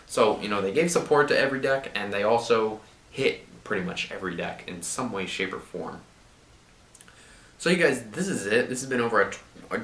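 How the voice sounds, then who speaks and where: A man hosting his own channel, giving casual card-game commentary in a monotone way while his throat is sore. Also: on the low side, slight background noise. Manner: monotone delivery. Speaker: YouTube channel host. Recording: roomy, echoey room.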